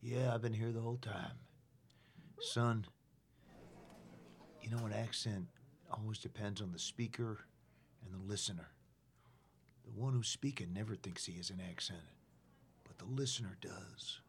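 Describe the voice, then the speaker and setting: A man's voice: lowish voice, normal speed, vocal fry, pauses often, slight background noise. A man playing a wise father lecturing his son in a comedy sketch, in a preachy, sagely way.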